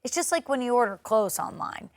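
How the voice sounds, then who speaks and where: A woman's voice: on the high side, expressive, fairly quick, no echo, studio quality. A woman from Arkansas with a Southern accent, chatting playfully and giving strong opinions as a morning show co-host. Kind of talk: casual chat.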